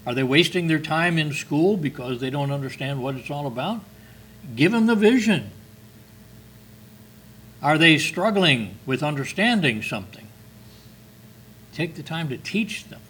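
A man's voice: a little high, expressive, unhurried, pauses often, fairly bright tone, slight background noise, low-quality recording. An older man preaching a sermon, reading scripture with earnest, emphatic stresses.

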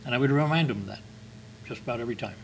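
A man's voice: mid-range voice, racing, vocal fry, slight background noise, low-quality recording. An older man preaching a sermon, reading scripture with earnest, emphatic stresses.

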